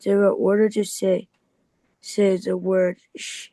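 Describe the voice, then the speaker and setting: A man's voice: high voice, little pitch movement, takes it slowly, mellow, no echo, poor audio. A man reading aloud in a Bible class, stumbling over words and restarting often.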